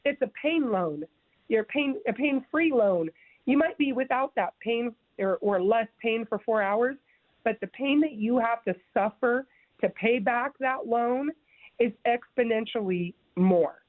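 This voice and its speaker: A woman's voice: fairly high pitch, unhurried, no echo. A woman giving an interview about her own experience, speaking earnestly and with emphasis, often restarting her words. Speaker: guest sharing her story. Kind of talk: interview, personal testimony. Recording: dry, phone-like narrow sound.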